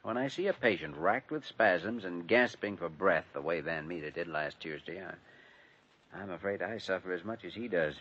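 A man's voice: sits low, moderate pace, breathy edge. An actor playing an earnest young male doctor, in 1940s radio style. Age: young adult. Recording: dull 1940s radio recording.

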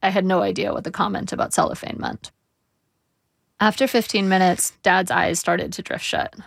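A woman narrating her own memoir in a wry, measured, reflective way. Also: on the low side, vocal fry, dry recording, studio quality.

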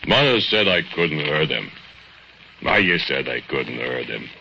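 An actor playing a brooding, menacing male foundry laborer who speaks slow broken English, in 1940s radio acting on a muffled old recording with music. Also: a bass voice, sing-song, gravelly, bright, forceful tone, a little hiss or hum, heavily acted.

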